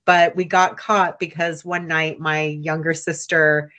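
A low-pitched woman, a writer from the United States, talks as a guest on a radio interview. She recalls stories in a reflective, anecdotal way. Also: level tone, measured pace, fairly bright tone.

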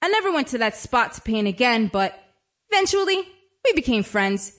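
A woman tells a story in a high voice that moves about a great deal. She is chatty and wry, and her delivery stays conversational throughout. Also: sing-song, moderate pace, fairly bright tone. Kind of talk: dramatic storytelling monologue.

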